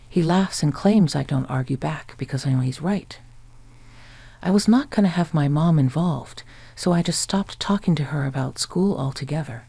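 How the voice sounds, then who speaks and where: A man narrating a first-person story in an even storytelling voice, quoting others in the same voice. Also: on the high side, gravelly, slightly rough, no echo.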